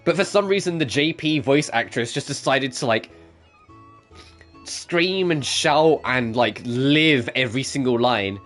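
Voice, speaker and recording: A man's voice: medium pitch, a little slow, a bit bright. A man streaming a video game with casual commentary, chatty, laughing and swearing freely. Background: game music.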